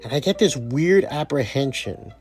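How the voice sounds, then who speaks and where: A man's voice: medium pitch, animated, normal speed, darkish tone, soft background music. A man hosting his own podcast, talking in a casual, rambling, profanity-heavy motivational monologue. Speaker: podcast host.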